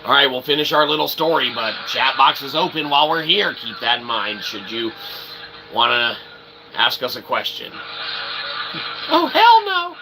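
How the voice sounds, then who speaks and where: A man's voice: medium pitch, moderate pace, noisy background. A man hosting a casual livestream, rambling and joking in wordy, roundabout phrases. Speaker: streamer and host.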